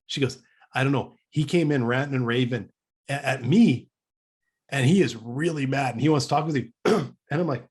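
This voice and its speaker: Canadian guy on a podcast, husky voice, spins a yarn, acts out the quotes, stumbles and restarts a lot. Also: medium pitch, a little fast. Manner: animated storyteller who acts out quoted dialogue; frequent restarts and stammered repeats. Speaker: podcast co-host. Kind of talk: casual storytelling chat.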